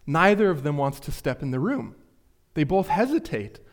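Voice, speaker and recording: A man's voice: on the high side, very animated, moderate pace. A man preaching a sermon, earnest and questioning, speaking straight to his listeners. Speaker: pastor.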